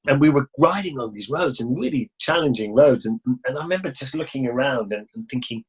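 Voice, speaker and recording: A middle-aged motorcycle adventurer, appearing as an interview guest, tells travel stories in a rambling, casual way, full of restarts and acted-out exchanges. His medium-pitched voice is animated and brisk with a breathy edge, on a low-quality recording.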